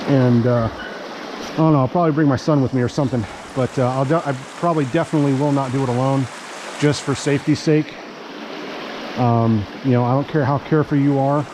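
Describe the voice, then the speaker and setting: A middle-aged male vlogger narrates casually outdoors by a cave, folksy and chatty, sweet-talking a stray dog while out of breath from climbing a hill. His medium-pitched voice is steady and a little fast, with background noise.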